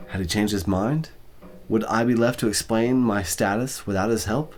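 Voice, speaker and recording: Tired male ASMR narrator with a slightly low voice; soft, apologetic, stumbling delivery. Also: normal speed. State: exhausted. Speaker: ASMR storyteller. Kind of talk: ASMR story reading.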